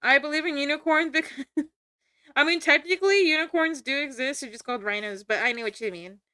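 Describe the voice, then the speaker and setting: A woman's voice: sits high, a little fast, pushed and bright, no room sound, clean studio sound. A young woman streaming from home, chatting casually with her chat, play-acting anger and laughing often. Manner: playful mock-angry banter with frequent laughs.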